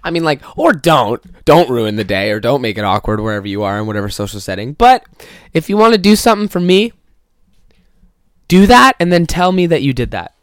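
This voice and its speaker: A man's voice: mid-range voice, very animated, brisk, a bit bright, smooth, dry recording. A young man rants into a close microphone with a dry, dead sound. His voice sits in an ordinary middle range, and he swears freely, mocking the people he imitates as he goes. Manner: profane, mocking, acts out quoted people. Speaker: podcast host. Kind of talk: casual comedic rant.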